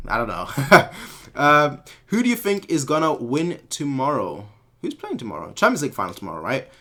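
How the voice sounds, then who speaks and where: A man from Munich hosts a live stream and answers viewer comments as they come in. He rambles, stumbles over words and corrects himself mid-sentence. His voice sits at an ordinary middle pitch. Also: wildly swooping pitch, fairly quick, pushed and bright. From Munich, Germany. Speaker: fan channel host.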